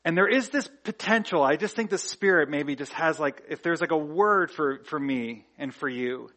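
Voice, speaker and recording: A man's voice: on the high side, normal speed, bright, forceful tone. A man preaching a sermon in a church, talking in a conversational way with rhetorical questions and frequent filler words. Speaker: pastor.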